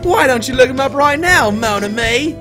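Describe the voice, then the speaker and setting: A man voicing a fussy pigeon with a put-on, shaky French accent, reading game dialogue in a theatrical, drawn-out way. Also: very high voice, expressive, over music, pitched above the performer's own voice. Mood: coaxing.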